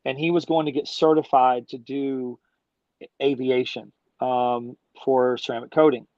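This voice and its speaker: A man's voice: medium pitch, little pitch movement, measured pace, darkish tone, dry recording. A middle-aged man talking as a guest in a casual interview, an enthusiastic, slangy storyteller who rambles along. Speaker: guest, business founder. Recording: dull dry lo-fi sound.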